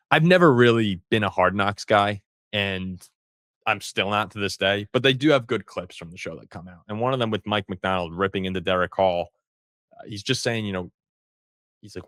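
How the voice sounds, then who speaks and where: A man's voice: lowish voice, lively intonation, fairly quick, fairly bright tone, no echo, studio quality. A man hosting a sports show, talking football in a casual, rambling way with frequent restarts.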